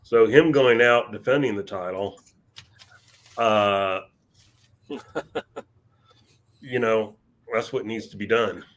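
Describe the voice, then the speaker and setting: A man with a lowish voice co-hosts a podcast in casual chat. He talks in a measured way, with a wry, sarcastic edge to his remarks. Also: a bit bright, slight background noise. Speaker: podcast co-host.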